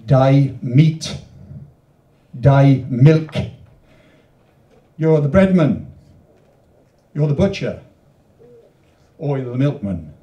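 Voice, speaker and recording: Here a poet from Wales presents his rhyming verse at a literature venue hall, with chatty spoken introductions and a rhythmic delivery in the poems. He speaks in a mellow, mid-range voice at a measured pace, pausing often. The mic is distant and the sound roomy.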